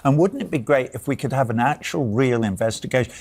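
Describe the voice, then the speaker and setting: A man's voice: medium pitch, lively intonation, fast talker, vocal fry, a little mellow, breathy edge. An older man arguing heatedly as a guest, insistent and talking over interruptions. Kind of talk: heated debate.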